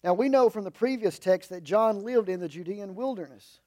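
Speaking at normal speed, a man preaches in a chatty, down-home manner sprinkled with jokes. His delivery alternates between loud, emphatic lines and soft, low remarks.

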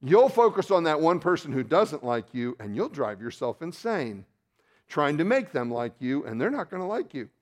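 A male pastor preaching a sermon in a slightly higher-pitched voice. He swings from quiet, low asides to sudden loud, drawn-out peaks, breaking into self-deprecating restarts along the way. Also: sing-song.

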